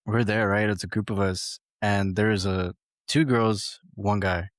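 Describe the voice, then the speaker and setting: A man with a lowish voice rambles through a story on a podcast, loose and profane, with lots of "like" and "right?". The sound is dry and close. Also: fairly even intonation, unhurried, dry recording. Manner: rambling, profane, full of fillers. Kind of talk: casual storytelling.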